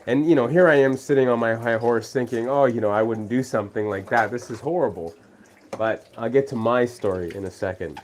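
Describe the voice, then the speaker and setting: A man's voice: mid-range voice, a little mellow, a little hiss or hum. A man hosting a casual faith vlog, retelling a story in a rambling way and acting out the people he quotes. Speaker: vlog host. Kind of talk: casual faith talk while doing dishes. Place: home kitchen at the sink.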